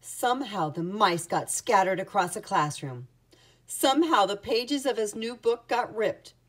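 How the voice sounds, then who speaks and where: A woman reading a children's picture book aloud with an expressive storytelling manner. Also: medium pitch, measured pace.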